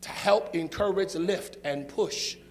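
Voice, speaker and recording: Preacher guy, pretty high voice, repeats his lines in rhythm, church sermon. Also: takes it slowly. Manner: rhythmic, repetitive preaching with call and response. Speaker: pastor.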